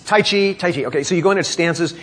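A middle-aged man preaching a sermon, reading scripture and explaining it with rhetorical questions and pitch that rises for emphasis. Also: racing, a bit bright. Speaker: pastor.

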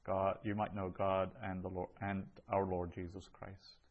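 A man's voice: low voice, completely flat delivery, a little slow, phone-quality sound. Man teaching a class, patient and explanatory. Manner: patient, explanatory, with many ums. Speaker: Greek teacher. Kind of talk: classroom lesson.

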